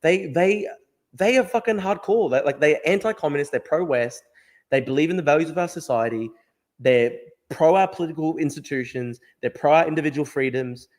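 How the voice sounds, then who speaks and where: Australian man, livestream host, rapid-fire, emphatic and profane. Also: a little high, a little mellow. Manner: emphatic, profane, repeats himself. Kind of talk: casual political livestream talk.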